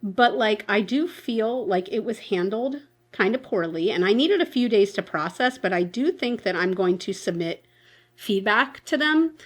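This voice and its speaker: A woman's voice: mid-range voice, lively intonation, normal speed. A woman in her twenties, chatting casually and telling a story while doing her makeup, with lots of "like" and frequent laughs. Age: 20s. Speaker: beauty vlogger.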